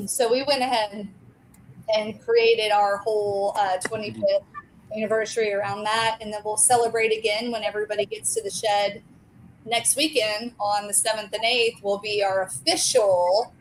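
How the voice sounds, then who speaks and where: A woman's voice: mid-range voice, moderate pace, slight background noise, poor audio. A woman in her forties, a restaurant co-owner and guest, chatting in a talkative, enthusiastic way. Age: 40s. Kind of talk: casual chat.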